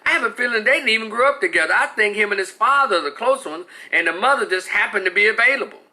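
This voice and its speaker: A man's voice: sits high, animated, quick pace, pushed and bright. A man giving a heated, blunt and profane opinion rant, talking in an exasperated way. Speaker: commentator.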